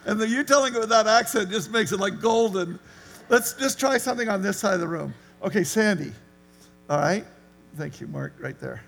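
Gravelly man leading a church gathering. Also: sits high, expressive, normal speed, fairly bright tone. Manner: affirming, encouraging responses. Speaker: prayer meeting leader. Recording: faint hum.

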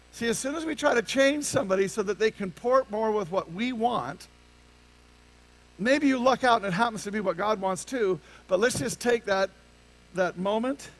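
Gravelly high-voiced male pastor preaching. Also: fairly bright tone, low-quality recording. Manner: conversational preaching, frequent rhetorical questions to the congregation. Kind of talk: sermon. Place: church sanctuary with a congregation.

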